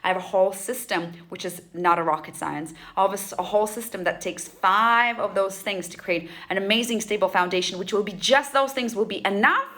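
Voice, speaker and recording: Woman coach, bright clear voice, emphatic, blunt, repeats points, talks to camera. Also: medium pitch. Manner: emphatic, repetitive, fast asides; blunt, casual. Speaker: sales and mindset coach. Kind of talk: direct-to-camera coaching talk.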